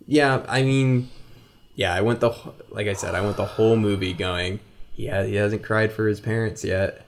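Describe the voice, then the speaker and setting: A man co-hosting a casual film review podcast, relaxed, with short agreeing replies between longer thoughts. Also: lowish voice, normal speed, vocal fry. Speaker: podcast co-host.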